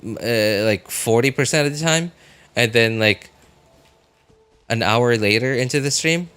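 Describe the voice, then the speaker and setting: In a clean, slightly bright, medium-pitched voice, a young man talks a little slowly as he streams a game. He rambles casually to his viewers, using lots of filler words.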